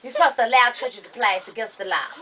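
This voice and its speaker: Sassy woman telling a funny story, bright high voice, sounds far off the mic. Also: racing. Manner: sassy, animated, drops to low asides. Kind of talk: comic storytelling chat.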